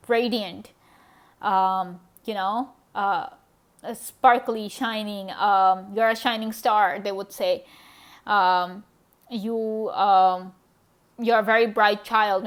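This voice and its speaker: Chatty woman reading tarot cards. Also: on the high side. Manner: chatty, gushing, with frequent fillers and laughs. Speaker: tarot reader. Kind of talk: pick-a-card tarot reading.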